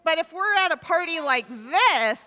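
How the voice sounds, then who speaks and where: A woman leading a children's time in a church service, asking the children questions and warmly repeating their answers, speaking into a microphone in the sanctuary. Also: very high voice, expressive, moderate pace. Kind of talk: interactive children's talk with questions. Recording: reverberant church hall.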